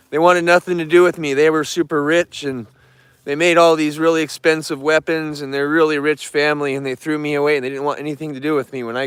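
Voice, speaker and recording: A man talking straight to camera in a rambling, heartfelt way, his voice smooth and resonant. He sits a little higher than most men and gets worked up and bitter easily. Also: dry recording. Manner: emotional, rambling, earnest. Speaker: vlogger who keeps bears. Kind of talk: casual talk to camera.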